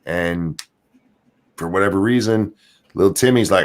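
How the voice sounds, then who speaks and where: Low-voiced man explaining. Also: lively intonation, normal speed. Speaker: podcast co-host. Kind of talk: casual chat.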